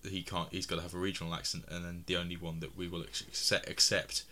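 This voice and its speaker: A man's voice: low voice, level tone, fast talker, pushed and bright. A man from England chatting casually about films, rambling with many restarts and frequent laughs. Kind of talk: casual film discussion.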